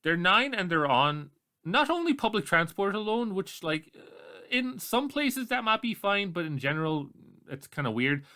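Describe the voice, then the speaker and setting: Animated, sweary Irish man. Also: high voice, moderate pace. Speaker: podcast co-host. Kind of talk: casual chat.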